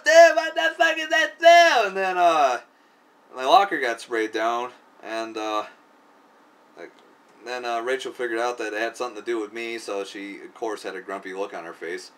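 At medium pitch, with a bit of brightness, a man recounts a long personal story for his video, rambling casually and profanely with plenty of fillers. The recording comes from a distant mic and carries faint background noise.

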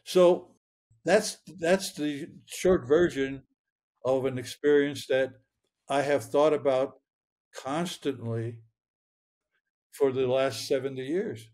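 A man's voice: mid-range voice, takes it slowly, long pauses, a little mellow. A man in his eighties, an interview guest earnestly retelling a personal experience, often restarting his sentences and chuckling. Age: 80s.

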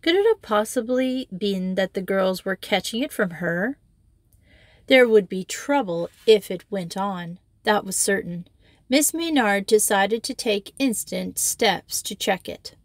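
A woman's voice: medium pitch, lively intonation, a little slow, dry recording. Woman reading a story aloud, dry and close. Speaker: audiobook reader. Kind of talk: reading a children's novel aloud.

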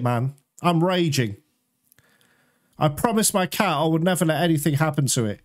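A man's voice: a little high, animated, normal speed, faint music behind. A man giving casual let's-play commentary, chatting to his viewers, laughing and swearing often. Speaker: gaming streamer.

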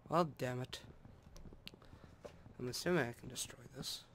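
A man's voice: mid-range voice, unhurried, a little hiss or hum. A man rambling casually through gameplay commentary, full of hums and asides. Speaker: let's play host. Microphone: desktop microphone. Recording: music playing loudly in the room.

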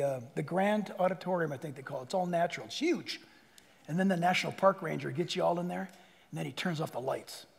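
A male pastor preaching a sermon, animated, acting out little voices and dropping to a hush for emphasis. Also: a little high, gravelly. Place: church sanctuary. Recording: long hall reverb.

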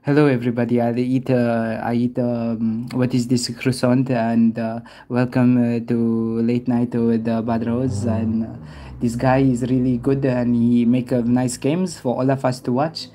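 A man putting on a mock French guy, halting. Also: medium pitch, flat delivery, warm tone, slight background noise, pitched below the performer's own voice, lightly acted. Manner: halting, fumbling with fillers.

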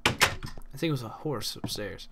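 A man's voice: medium pitch, animated, moderate pace, gravelly, heavy background noise. An Irish man giving casual, rambling commentary while playing a game, full of crude jokes and asides. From Ireland. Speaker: gaming channel host.

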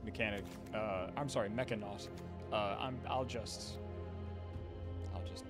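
A man streaming a card game, cursing and raving about the art in a casual, excitable way. A game soundtrack plays clearly under his voice. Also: lowish voice, unhurried, over loud music. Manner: excitable, profane, gushing over card art. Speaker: streamer host.

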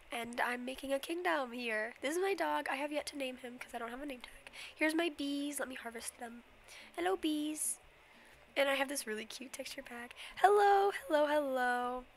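A woman's voice: fairly high pitch, a bit bright, a little hiss or hum. A young woman, a bit sick, chatting through a casual game stream, rambling and giggly with lots of fillers and apologies. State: slightly sick. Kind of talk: casual Minecraft stream tour.

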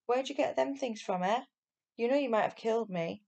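A shifty grown-up crook, as a woman reads him aloud from a storybook, coaxing a child with slangy cheer before turning to snarls. The voice has a gravelly edge. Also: mid-range voice, normal speed, dark tone. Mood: snarling. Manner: wheedling then snarling, slangy. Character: gruff, sly adult male burglar, turns nasty.

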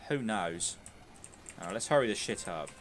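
A man's voice: fairly low pitch, lively intonation, normal speed, a bit bright, soft background music. A young man giving casual, sweary, joking commentary while streaming a game.

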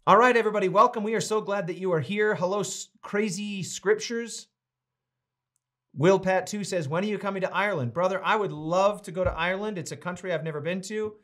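An upbeat man with a fairly high speaking voice hosts a livestream as a pastor. He greets his viewers one by one in a friendly, casual way and then moves into announcements. He sounds like he is talking from an indoor home studio. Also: brisk. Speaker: pastor and host of a livestreamed reading series.

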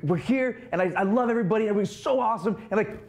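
A man's voice: sits high, rapid-fire, slight background noise, pitched above the performer's own voice, close to an everyday voice. A man putting on an overexcited young guy who rambles and stammers in breathless gushing.

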